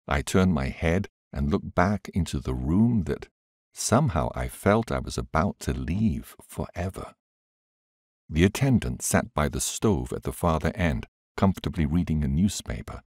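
A man reading an audiobook aloud in a measured, expressive way. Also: sits low, breathy edge, no room sound, studio quality. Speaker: audiobook reader. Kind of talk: scripted audiobook narration.

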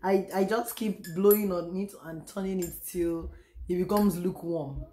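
Hoarse Nigerian woman vlogging. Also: on the low side, steady tone, normal speed, mellow, a little hiss or hum. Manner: chatty, repeats herself, sighs and trails off. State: hoarse, losing her voice. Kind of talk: casual home vlog chat. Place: room at home.

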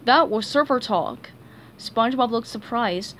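A young woman reading a children's storybook aloud in an expressive, animated way. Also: a little high, moderate pace, slight background noise. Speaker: story reader.

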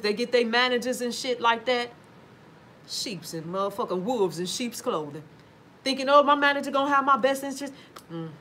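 A woman holds forth from home, speaking straight to her audience in a loose, emphatic monologue. She swears freely and leans hard on her points, her voice sitting a little high for a woman. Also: a bit bright. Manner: emphatic, swears freely, addresses viewers directly. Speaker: livestream talker reading viewer comments. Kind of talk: casual profane livestream monologue.

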